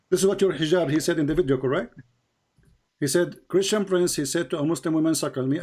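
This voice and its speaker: A man's voice: on the high side, a little mellow. A man hosting a heated live debate over a video call, combative and repetitive, with broken grammar. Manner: combative, repeats phrases, non-native grammar. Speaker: host.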